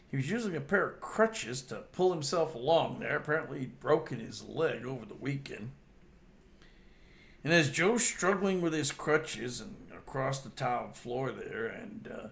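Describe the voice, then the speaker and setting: A man's voice: on the high side, gravelly, a bit bright. An older man casually telling stories about his old workplace pranks and laughing often as he goes. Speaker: storyteller host. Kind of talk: casual storytelling.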